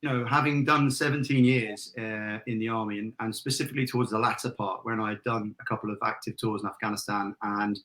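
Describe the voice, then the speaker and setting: A middle-aged man from Britain, an army veteran, answering interview questions in a measured way with some restarts. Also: on the low side, steady tone, sharp tone. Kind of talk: interview conversation.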